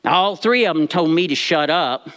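Male storyteller, animated stage delivery, swooping expressive pitch. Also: normal speed. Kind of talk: storytelling to a live audience.

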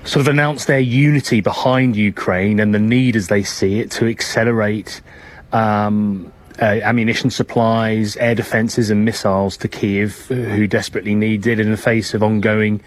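A male correspondent giving a live news report, measured, with frequent hesitations and restarts. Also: lowish voice, fairly even intonation.

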